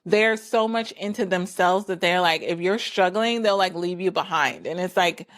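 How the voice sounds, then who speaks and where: A woman's voice: fairly low pitch, moderate pace. A woman talking casually on her own, full of "like" fillers, who acts out what other people said. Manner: chatty, frequent "like" fillers, acts out quoted people. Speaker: podcast host. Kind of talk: casual solo talk.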